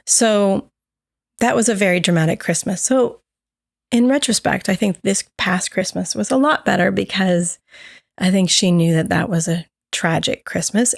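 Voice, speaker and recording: Telling a personal story with candor, this woman co-hosts a podcast and acts out the dialogue of others with animation. Her mid-range voice carries vocal fry. The sound is dry and of studio quality.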